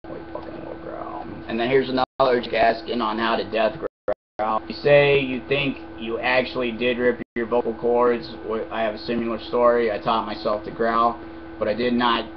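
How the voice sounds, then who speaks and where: A man's voice: mid-range voice, flat delivery, moderate pace. Blunt, profane young man ranting on a lo-fi webcam. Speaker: vlogger answering viewer questions. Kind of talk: casual rant to camera. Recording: dull lo-fi webcam audio with noise.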